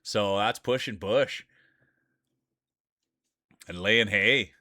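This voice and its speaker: A man from Canada hosting a live stream, chatty and excitable, laughing often and calling people "dude". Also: mid-range voice, moderate pace, clean tone, no room sound, clean studio sound. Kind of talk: casual live-stream commentary.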